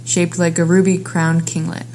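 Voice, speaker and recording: A woman voicing a terse, deadpan man in a fan audio drama, speaking flatly and low. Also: normal speed, a little hiss or hum, natural voice. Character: dry gruff man, deadpan vigilante.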